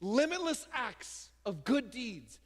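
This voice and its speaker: Very high-voiced man preaching in a reverberant church. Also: very animated, slow pace. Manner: emphatic, casual preaching with sudden loud bursts. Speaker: pastor. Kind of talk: sermon. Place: church stage. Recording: long hall reverb in a church.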